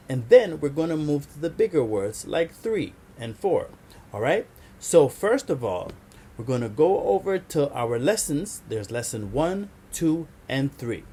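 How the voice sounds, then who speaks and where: A man's voice: fairly high pitch, a little mellow, a little hiss or hum. A man teaching a kindergarten phonics lesson, patiently sounding out letters for young children.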